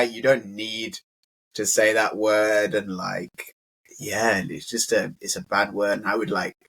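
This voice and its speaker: A young man talks through an English lesson in a loose, friendly way. His voice sits on the low side, and he keeps filling his sentences with "like". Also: a bit bright, breathy edge. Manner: chatty, fills speech with "like". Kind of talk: casual conversational teaching.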